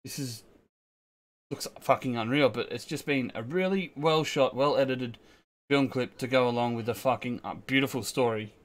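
A man's voice: medium pitch, moderate pace. An Australian man hosting a reaction video, talking emotionally and casually, swearing a lot and restarting sentences.

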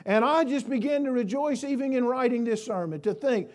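A male pastor preaching a sermon in church, moving from quiet storytelling to loud, fervent praise. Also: very high voice, fairly quick, hardly any pauses. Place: church sanctuary.

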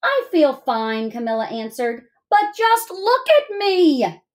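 A woman's voice: fairly high pitch, sing-song, slow pace. A woman voicing a young schoolgirl in a storybook read-aloud, speaking plaintively and drawing her words out. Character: young schoolgirl covered in stripes.

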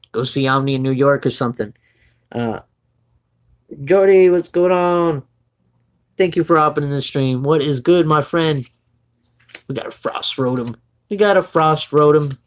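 Chatty young man with a Floridian drawl. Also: medium pitch. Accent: Floridian Southern US. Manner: chatty, rambling, greets and thanks viewers by name. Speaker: streamer opening trading card packs. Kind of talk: casual live-stream chat.

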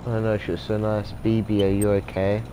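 A man's voice: on the low side, little pitch movement, brisk, dark tone, slight background noise, natural voice. A man voicing a drunk, clumsy young female cat in a video game, rambling and apologetic.

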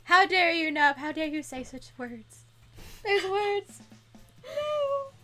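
Brief: young female streamer, stuffy nose, bright high voice, bouncing all over, giggles and dramatic shrieks. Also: very animated, slow, soft background music. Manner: giggly, dramatic outbursts while playing. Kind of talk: casual gaming stream chat.

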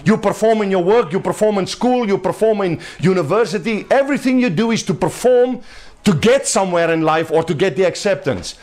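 High pitched guy preaching at a home meeting, punchy and chatty, laughs a bit. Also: animated, fairly quick, a little mellow. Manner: emphatic, conversational preaching with laughs. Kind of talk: sermon. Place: home gathering with listeners.

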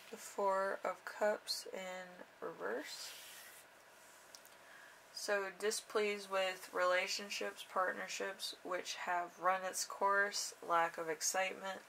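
A young woman giving a casual tarot reading in an unhurried, rambling way with drawn-out fillers. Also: fairly low pitch, gravelly, fairly bright tone, recorded from a distance, slight background noise, low-quality recording. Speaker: tarot reader.

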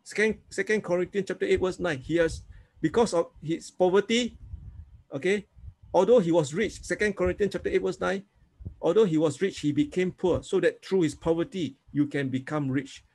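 Male preacher, fairly high voice with some huskiness, repetitive teaching style that leads the crowd in prayer. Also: normal speed, a little mellow. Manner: repetitive, coaxing, frequent "okay?"; leads congregation in spoken prayers. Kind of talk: teaching sermon.

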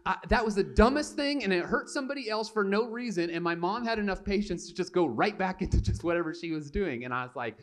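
A young male pastor tells a comic story from the pulpit, mugging through the voices of his characters. His pitch jumps high and shouts on the big moments, then drops back to a relaxed conversational tone. He talks into a stage mic in a church sanctuary. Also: fast, few pauses. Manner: animated and self-mocking, acting out voices for laughs. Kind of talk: storytelling sermon.

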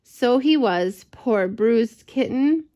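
A woman reading a picture book aloud to a child, gentle and expressive, with chatty asides. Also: a little high, slow pace, dull audio. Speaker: storyteller for children. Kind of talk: read-aloud storytelling to a child.

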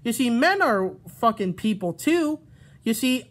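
A man's voice: very high-pitched, sing-song, unhurried. A man vents into his camera in a heated, rambling rant. His speech is full of swearing, and he keeps breaking off sentences to restart and correct himself. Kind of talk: ranting vlog. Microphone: camera mic.

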